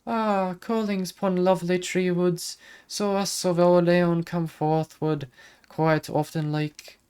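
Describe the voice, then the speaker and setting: A man's voice: sits high, flat delivery, slow, a little mellow, clean tone, pitched above the performer's own voice. A man voicing a bouncy, ancient female fairy in a put-on Irish accent, with dreamy, garbled, old-fashioned phrasing. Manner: lilting, garbled archaic phrasing.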